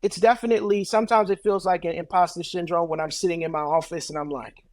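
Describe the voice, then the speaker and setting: A man's voice: high-pitched, fairly even intonation, quick pace, no echo, studio quality. A man guesting on a podcast, candid and laughing as he talks, often asking "you know what I mean?". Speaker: guest business owner. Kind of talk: casual interview chat.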